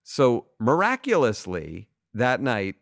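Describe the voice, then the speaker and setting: A man's voice: medium pitch, wildly swooping pitch, slow pace, vocal fry, fairly bright tone, no echo, studio quality. A middle-aged man co-hosting a podcast, chatting casually and telling a story with wry, profane humor. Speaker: podcast co-host. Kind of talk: casual chat.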